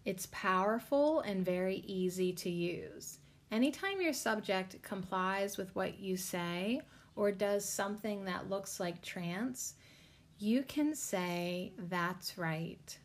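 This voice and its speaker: Slow-talking, rambling woman podcast host. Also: mid-range voice, lively intonation. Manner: rambling, many "like" fillers, spiritual talk. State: tired, low energy. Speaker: podcast host reading cards. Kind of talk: casual rambling chat.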